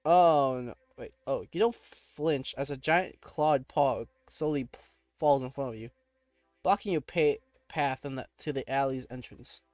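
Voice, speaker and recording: A man's voice: mid-range voice, measured pace, a little mellow, no echo. A man playing a text adventure, reading the game text aloud and reacting casually, laughing often and breaking off with startled exclamations.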